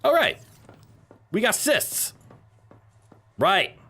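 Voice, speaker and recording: A man's voice: high voice, drawn-out words, husky. A man casually streaming a survival game, joking, swearing and chatting with viewers. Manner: animated and joking, swears, talks to chat and his pet.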